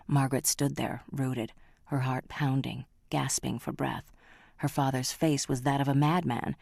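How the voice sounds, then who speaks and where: Very deep-voiced woman audiobook narrator. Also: flat delivery, measured pace, creaky, darkish tone, no echo, studio quality.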